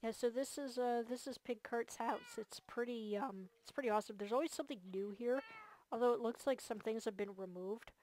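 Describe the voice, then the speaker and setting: A woman's voice: on the high side, brisk, darkish tone, a little hiss or hum. A tired woman hosting a game series, giving an enthusiastic, gushing tour with lots of fillers. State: tired, yawning. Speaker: host of a multiplayer game series. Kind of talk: casual gameplay tour commentary.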